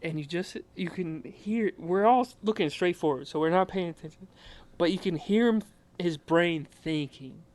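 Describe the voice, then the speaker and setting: A man's voice: sits high, moderate pace. Young man telling army stories, laughing. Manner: animated, often breaking into laughter. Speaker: podcast guest, Army veteran. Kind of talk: casual storytelling.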